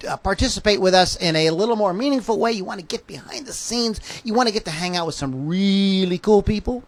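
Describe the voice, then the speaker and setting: A man's voice: sits high, animated, a little fast, dry recording. A man hosting a rock podcast livestream in casual chat, joking and rambling and stopping to correct himself, in a home studio. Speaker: podcast host. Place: home studio with a fan running.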